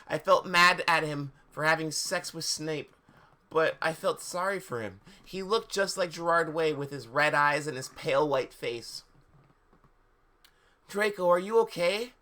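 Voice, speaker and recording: A man's voice: fairly high pitch, moderate pace, bright, forceful tone. A man reading fan fiction aloud on a live stream, breaking off for sarcastic, incredulous asides. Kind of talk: mocking dramatic reading with commentary.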